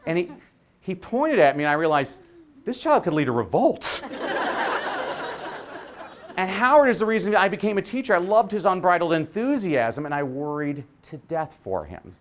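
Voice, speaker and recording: A man's voice: high-pitched, normal speed, slight background noise. Teacher guy giving a keynote, jokey and preachy, voice bounces all over. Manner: animated, joking, preacher-like. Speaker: teacher giving a conference talk. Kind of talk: keynote speech.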